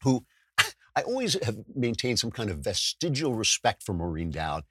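A man's voice: on the low side, normal speed, slightly rough, dry recording, clean studio sound. A man hosting a podcast, delivering a sarcastic political commentary monologue with lots of restarts and self-corrections. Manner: animated, sarcastic, mimics voices. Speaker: podcast host.

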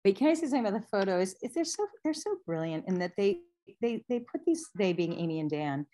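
A woman in her forties, an actor guest chatting in a relaxed, rambling way that keeps jumping into little acted-out quotes. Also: fast. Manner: lively storyteller who acts out quotes in sudden high voices. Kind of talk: casual conversation.

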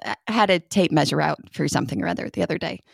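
A woman's voice: low voice, vocal fry, slightly rough, dry recording, clean studio sound. A woman co-hosting a podcast, reacting playfully and sharing her own parenting views in casual chat. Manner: quick reactions, playful questions. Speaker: podcast co-host.

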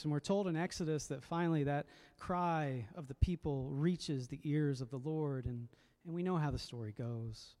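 A man's voice: a little high, moderate pace, few pauses, mellow. A man preaching a sermon as a pastor, reflective and conversational, often repeating words as he goes.

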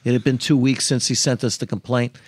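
A man, an attorney, recounting a case in a podcast interview, halting and full of filler sounds. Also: medium pitch, steady tone, slightly rough, no room sound, clean studio sound.

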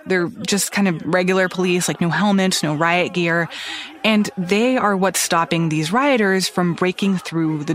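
A man with a notably high voice hosts a news podcast. He tells the story conversationally, explaining each step as he goes. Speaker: podcast host.

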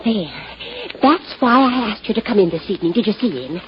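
A woman's voice: medium pitch, animated, a little fast, natural voice. A flustered small-town librarian who giggles and stammers, her voice leaping up and down, as a woman acts her out. It is a dull, lightly hissy old radio recording. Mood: fluttery. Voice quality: breathy, giggly, hesitant. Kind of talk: 1950s radio drama acting.

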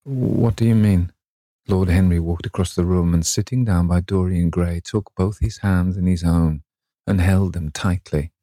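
A man narrating a classic novel as an audiobook, measured and expressive. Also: low voice, dry recording, clean studio sound.

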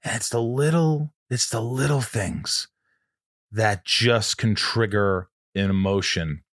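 A man's voice: fairly low pitch, slow pace, fairly bright tone, no room sound, clean studio sound. A man hosting a podcast interview, talking in a rambling, casual way, often restarting his sentences and swearing now and then. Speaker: podcast host.

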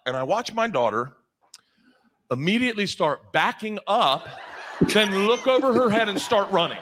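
A man's voice: high voice, lively intonation, moderate pace, fairly bright tone. A man telling a stand-up story in a profane, exasperated manner, laughing along. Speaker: stand-up comedian.

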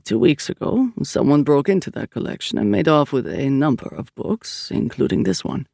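Brief: studiously calm older priest, gravelly, dry recording, read by a man. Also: medium pitch, dry recording. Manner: calm, measured.

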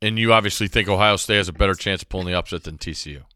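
A man co-hosting a sports podcast, speaking earnestly in halting phrases. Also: sits low, sharp tone, no room sound, studio quality. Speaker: podcast co-host. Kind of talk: casual sports podcast chat.

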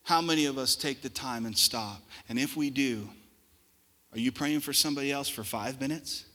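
A man preaching a sermon as pastor, swinging between hushed, reflective passages and loud, forceful outbursts. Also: medium pitch, normal speed, big-room sound. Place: church sanctuary.

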